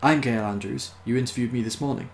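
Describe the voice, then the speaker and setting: A man's voice: mid-range voice, quick pace, vocal fry, reverberant, slight background noise, lightly acted. A man reading aloud voices a poised, middle-aged woman astrologer in a storybook reading. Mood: calm.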